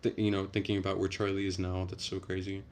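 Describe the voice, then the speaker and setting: A young man on a casual late-night livestream, reading chat and rambling in a relaxed, soft-spoken way. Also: sits low, quick pace.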